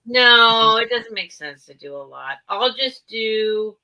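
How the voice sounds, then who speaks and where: A woman hosting a live online sale, chatting excitably and teasing herself. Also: on the high side, takes it slowly, low-quality recording. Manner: chatty, excitable, self-mocking. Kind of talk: casual live-sale chat.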